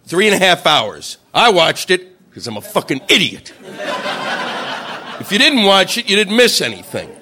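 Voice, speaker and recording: A man's voice: high voice, wildly swooping pitch, moderate pace, pushed and bright. A man doing a profane, ranting stand-up routine. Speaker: stand-up comedian.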